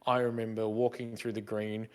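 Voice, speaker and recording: A man's voice: lowish voice, level tone, moderate pace, darkish tone, clean tone. A middle-aged man co-hosting a casual podcast chat, rambling fondly through old memories. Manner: fond, rambling reminiscing. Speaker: podcast co-host.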